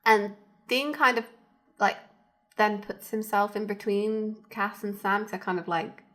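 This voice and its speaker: A woman's voice: medium pitch, fairly even intonation, unhurried, a bit bright. Chatty woman podcast host. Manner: chatty, lots of fillers, acts out lines from the show. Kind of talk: casual chat recapping a TV episode.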